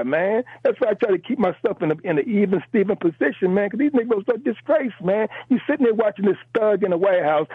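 Male call-in caller, fired up, repeats himself; husky, high-pitched, thin phone sound. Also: dry recording. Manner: emphatic, repeats words, rambling. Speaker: radio show caller. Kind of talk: impassioned call-in commentary. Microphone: telephone. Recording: tinny phone line.

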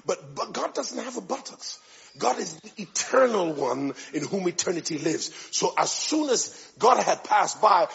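A man preaching a sermon, speaking emphatically and building to loud, fervent delivery. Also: high voice, gravelly, breathy edge. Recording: muffled lo-fi recording.

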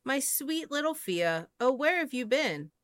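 Woman doing a fussy mama pig, high-ish, happy, bright. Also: very animated, measured pace, dry recording, heavily acted. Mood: relieved. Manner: warm, fussing, breathless relief. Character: relieved loving mother pig.

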